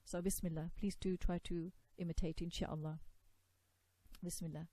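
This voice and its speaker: A woman's voice: on the low side, level tone, dark tone, no echo. Patient woman teaching Arabic letter sounds. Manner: patient, repeats sounds slowly for learners to copy. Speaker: Quran recitation teacher. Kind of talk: tajweed lesson, modeling letter sounds.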